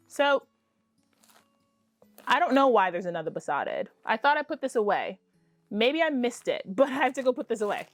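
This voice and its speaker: Chatty woman with a higher voice. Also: fairly quick, no room sound, faint music behind. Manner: chatty, excitable, self-deprecating asides. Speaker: podcast host. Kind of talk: casual crafting vlog chat.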